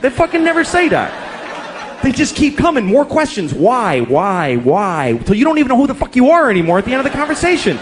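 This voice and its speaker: A man's voice: sits high, a little fast, a little hiss or hum. A middle-aged man doing a stand-up comedy routine on a large theater stage, ranting with exasperation and lots of swearing. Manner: animated, exasperated ranting with profanity. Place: large theater stage before a live audience.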